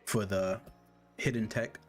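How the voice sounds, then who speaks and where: Guy streaming, chatty and easygoing, got the hiccups, clears his throat a lot, faint music under him. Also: on the low side, takes it slowly. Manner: relaxed, chatty, answers chat questions. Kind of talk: casual gaming livestream chat.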